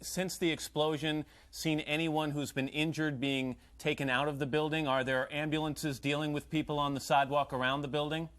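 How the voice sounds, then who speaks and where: A man anchoring live breaking news, questioning a caller and recapping for viewers in a measured way. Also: on the high side, little pitch movement, a bit bright.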